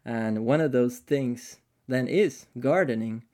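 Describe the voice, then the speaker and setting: A man's voice: medium pitch, slow pace, darkish tone. Hesitant male co-host, English not native. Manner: thoughtful, hesitant, many fillers and restarts. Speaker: podcast co-host. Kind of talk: casual podcast chat.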